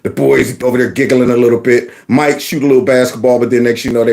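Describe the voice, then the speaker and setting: A man's voice: mid-range voice, fast talker, vocal fry. A man, a former teacher, hosting his own channel in a casual, folksy rant that slips into acted-out voices. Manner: animated, folksy, acts out voices. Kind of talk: casual ranting video commentary.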